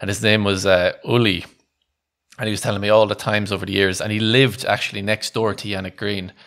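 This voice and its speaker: A man spins a loose, meandering story on a podcast, tripping over his words and breaking into laughter as he goes. His voice sits a little on the low side. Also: little pitch movement, brisk, creaky, a bit bright. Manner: rambling storyteller, laughing often, restarts mid-sentence. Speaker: podcast co-host. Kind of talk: casual anecdote telling.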